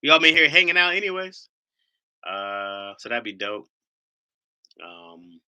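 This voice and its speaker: Joking, rambling man with a bright voice. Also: lowish voice. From Ohio. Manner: rambling, joking, swears freely. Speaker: live streamer host. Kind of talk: casual live-stream chat.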